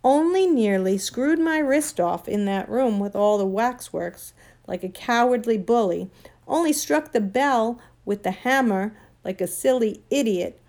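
A woman voicing a spirited, sharp-tongued young girl in a storybook reading, brisk and tart. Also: mid-range voice, steady tone, close to an everyday voice. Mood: sarcastic.

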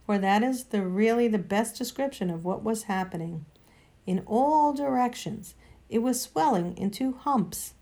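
Woman reading a kids' storybook out loud, lively and expressive. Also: on the high side, measured pace. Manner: expressive, lively read-aloud.

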